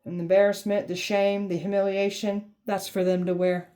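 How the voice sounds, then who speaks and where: A woman with a mellow, dark-toned voice delivers a tarot reading. She talks bluntly and sassily, swearing freely and mocking, and her pitch sits mid-range for a woman. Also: flat delivery, normal speed. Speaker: tarot reader.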